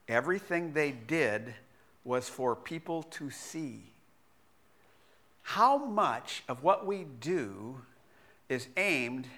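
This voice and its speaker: A man's voice: medium pitch, sharp tone. A middle-aged man preaching a sermon as pastor, self-deprecating, with laughter and frequent restarts.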